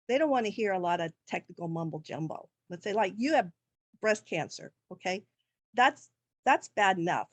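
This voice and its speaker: A woman's voice: medium pitch, no echo. Chatty, keen woman on a dry video call with a long question. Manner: eager, talkative, run-on sentences. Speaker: webinar audience member asking a question. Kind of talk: casual video-call chat.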